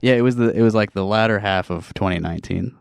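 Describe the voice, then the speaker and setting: A man talking as a musician guest in casual chat, agreeable and quick to laugh. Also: on the low side, gravelly, clean tone, no room sound, studio quality. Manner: agreeable, frequent laughs and backchannels. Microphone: desk mic.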